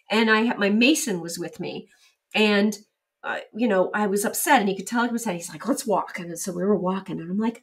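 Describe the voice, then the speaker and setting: A middle-aged woman speaking as an interview guest, telling lively stories and acting out quoted exchanges. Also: mid-range voice, a little fast, far from the mic. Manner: animated storyteller, acts out quoted exchanges. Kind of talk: casual interview storytelling.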